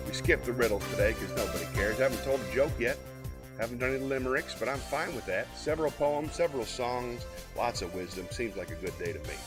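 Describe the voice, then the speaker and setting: Guy doing a slow serious poetry reading on a home livestream, medium voice, bit of music in the back. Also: medium pitch. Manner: solemn measured recitation with dramatic pauses; rambling self-deprecating chatter to viewers. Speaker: host of a live-stream variety show.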